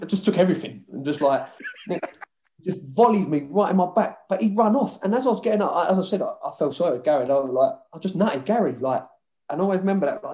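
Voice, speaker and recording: A man's voice: on the high side, echoey room. A man telling football stories casually, laughing and swearing as he goes. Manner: laughing, swearing, lively storytelling. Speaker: former footballer.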